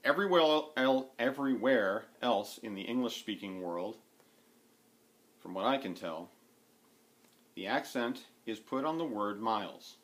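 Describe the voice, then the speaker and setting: Sitting indoors at home, a man vlogs casually about needlework and his other hobbies, rambling to camera with lots of fillers and restarts. His voice is on the low side and expressive, unhurried, with long pauses.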